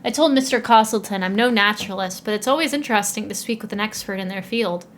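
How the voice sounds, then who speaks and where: A woman's voice: medium pitch, quick pace, slight background noise, close to an everyday voice. A woman reading the narration of a courteous, earnest young male reporter in her own voice. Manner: mild, courteous, slightly unsure. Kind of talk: first-person game narration read aloud.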